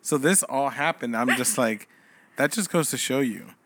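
A man's voice: medium pitch, moderate pace, a bit bright. A man co-hosting a casual chat podcast, teasing his partner with playful banter. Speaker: podcast co-host.

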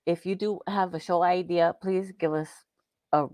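A woman co-hosting a podcast, chatty and excitable, often breaking into giggles. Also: on the low side, normal speed, no room sound, studio quality. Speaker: podcast co-host. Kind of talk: casual chat.

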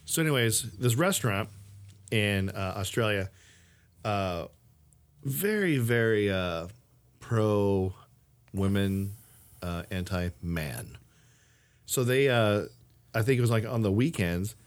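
Podcast dude, kinda low voice, gets worked up and laughs a lot. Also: male voice, takes it slowly, pauses often. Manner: animated storyteller, laughs often. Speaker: podcast co-host. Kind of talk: casual chat.

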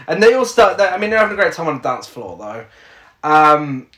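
A man's voice: a little high, brisk. A man co-hosting a casual chat show, recapping a film with lots of laughter and mocking asides. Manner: animated, laughs often, mocking quotes. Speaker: podcast co-host. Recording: echoey room.

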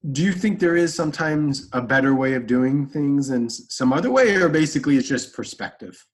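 Man asking deadpan questions. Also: mid-range voice, a little fast. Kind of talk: comedic casual chat.

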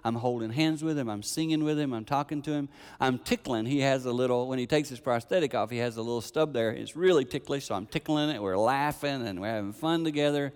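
An older man preaching a sermon, telling a family story with animated delivery and acting out the voices of the people in it. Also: medium pitch, brisk, few pauses, clear, resonant tone, big-room sound.

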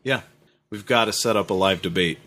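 Low-voiced co-host with wry asides. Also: male voice, brisk, pushed and bright. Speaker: podcast co-host. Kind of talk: casual podcast chat.

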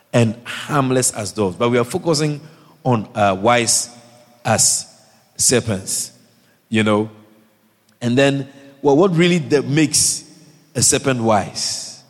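A man preaching a sermon, animated and repetitive, often asking the congregation questions. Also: mid-range voice. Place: church hall. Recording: long hall reverb.

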